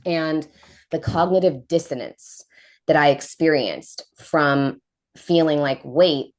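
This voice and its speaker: A woman in her thirties, a podcast guest telling a personal story in a casual, animated way, acting out quoted voices. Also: low voice, slow. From United States.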